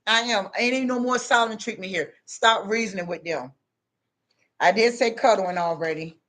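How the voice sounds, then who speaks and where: A woman's voice: medium pitch, normal speed, a bit bright. Emphatic middle-aged woman giving advice. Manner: emphatic, repetitive, preachy. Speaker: advice vlogger. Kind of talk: casual advice monologue.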